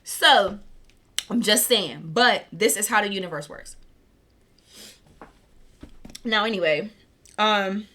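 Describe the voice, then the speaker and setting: A woman giving a casual spiritual reading, chatty and excited, tripping over her words, with a scratchy throat. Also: medium pitch, slow pace, pauses often. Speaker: tarot reader. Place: warm room at home.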